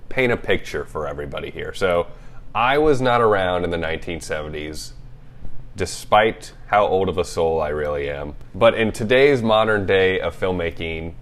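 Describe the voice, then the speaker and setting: Young male co-host, very deep voice, animated and jokey. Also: moderate pace. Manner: animated, jokey, laughs often. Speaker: podcast co-host. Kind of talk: casual movie chat.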